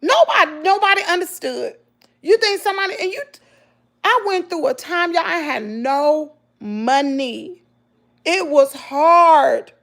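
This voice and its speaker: With a very high-pitched voice and a measured pace, this middle-aged Southern woman tells her viewers about hard times. The vlogger sounds casual and emotional, storytelling with animation and calling them "y'all."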